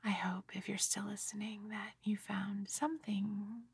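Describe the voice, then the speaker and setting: A tired middle-aged woman in a soft, rambling, gently self-mocking whispered ASMR ramble, close to the microphone. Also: mid-range voice, level tone, a little slow, breathy edge, no room sound. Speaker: ASMR creator.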